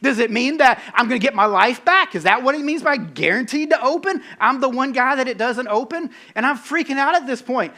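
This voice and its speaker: A man preaching a sermon, telling a story in an animated, self-mocking way and acting out his own panic. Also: very high-pitched, a little fast, few pauses. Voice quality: bald-headed, bearded. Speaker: pastor.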